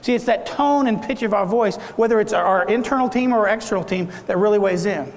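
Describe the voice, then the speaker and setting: Animated man speaking in an echoey hall. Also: high voice, fast, a little hiss or hum. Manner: animated, audience questions, acts out tones. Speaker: keynote speaker. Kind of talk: motivational conference talk. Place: large conference hall.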